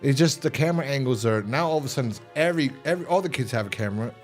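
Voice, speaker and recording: A man chatting casually as a podcast co-host, his voice sitting at an ordinary middle pitch. He rambles through a plot recap, restarting sentences and now and then breaking into loud mock voices. Faint music plays behind him. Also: expressive, racing. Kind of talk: casual horror episode review chat.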